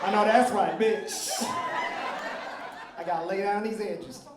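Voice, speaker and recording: A man's voice: sits high, measured pace, distant mic, heavy background noise. Brash man doing stand-up in a club. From Philippines heritage. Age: middle-aged. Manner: brash, crude, conversational crowd work. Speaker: stand-up comedian. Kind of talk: stand-up comedy set. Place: comedy club stage, live audience. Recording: roomy club sound, crowd laughter.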